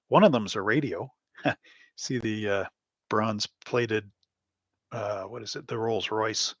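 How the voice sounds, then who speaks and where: A man's voice: lowish voice, a bit bright, no echo. Male host, casual live stream chat, rambling, anecdotal, chuckles often, dry close sound. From Canada. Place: home hobby room.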